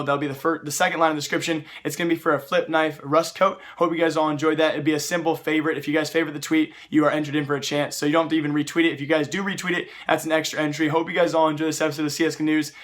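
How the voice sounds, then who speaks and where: A young man rattles through gaming news at a rapid clip, his voice slightly worn from hours of live streaming. He sits a touch higher than most men and keeps calling out to his viewers in a chatty, energetic way. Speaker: esports news host. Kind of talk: casual gaming news vlog.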